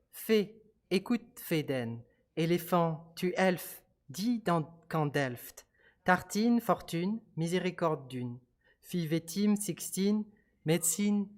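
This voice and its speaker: A man reading verse aloud in a slow, measured, playful way. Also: high-pitched. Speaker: reader. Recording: distant from the mic.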